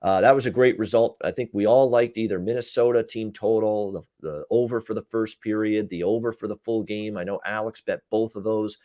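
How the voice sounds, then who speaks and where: A man hosting a casual sports betting chat, recapping games in quick runs with frequent "uh" fillers. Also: on the low side, mellow, no echo, studio quality. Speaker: betting show host and handicapper.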